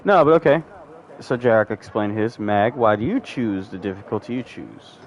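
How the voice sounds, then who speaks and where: A man hosting a podcast, chatting casually and jokingly while playing a game with friends, breaking into loud exclamations. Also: lowish voice, animated, normal speed, dull audio, a little hiss or hum. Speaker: podcast host. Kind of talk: casual gaming chat.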